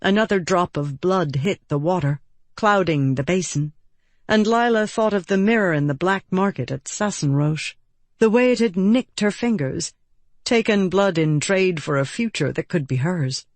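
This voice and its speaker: A woman reading an audiobook in calm, measured scripted narration. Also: fairly low pitch, no echo.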